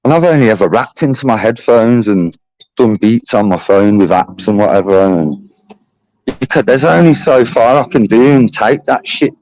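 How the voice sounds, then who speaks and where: A man's voice: fairly low pitch, expressive, moderate pace, a little mellow, no echo, low-quality recording. A middle-aged man rambling bluntly and swearing in casual livestream chat. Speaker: channel host.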